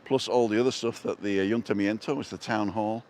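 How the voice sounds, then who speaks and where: A man's voice: fairly low pitch, fairly even intonation, brisk, a little mellow, a little hiss or hum. A middle-aged man with a Manchester accent, chatting casually and rambling through asides while filming on a seaside walkway. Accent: Manchester English. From North West England. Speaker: vlogger. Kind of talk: casual walking vlog.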